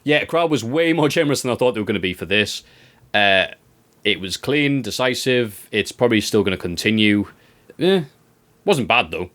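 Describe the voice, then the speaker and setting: A man co-hosting a wrestling review, chatting casually in an animated, ranting way and swearing freely. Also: lowish voice, normal speed. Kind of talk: casual chat.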